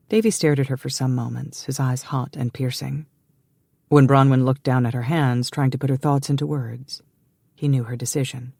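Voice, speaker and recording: A man narrates a historical romance audiobook in a measured, deliberate reading. His voice is husky and gravelly with a dark tone. The close studio mic sounds dry. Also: mid-range voice, fairly even intonation, dry recording. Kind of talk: scripted narration.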